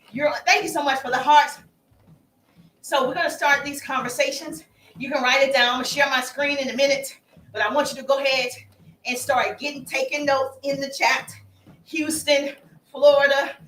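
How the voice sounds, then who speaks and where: A woman giving a live-streamed sales training, energetic and emphatic, speaking straight to her audience. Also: sits high, roomy sound, distant mic, a little hiss or hum. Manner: energetic, emphatic and preachy, addresses the audience directly.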